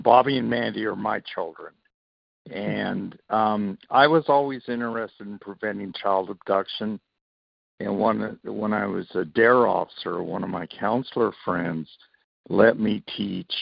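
A man with a lowish, gravelly voice and a breathy edge is interviewed as a child safety author. He tells stories animatedly and acts out the quoted dialogue, captured in a dry, lo-fi recording.

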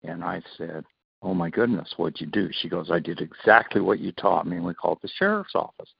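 A man's voice: sits low, a little fast, creaky, husky, no echo, dull audio. A man being interviewed as a child safety author, telling stories and acting out the dialogue. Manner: animated storyteller, acts out quoted dialogue. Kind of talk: interview storytelling.

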